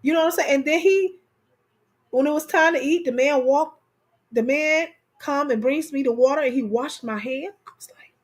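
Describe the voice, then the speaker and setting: A woman's voice: sits high, expressive, brisk. A woman co-hosting a casual chat, telling stories animatedly, repeating phrases for emphasis and talking straight to her audience. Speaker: co-host.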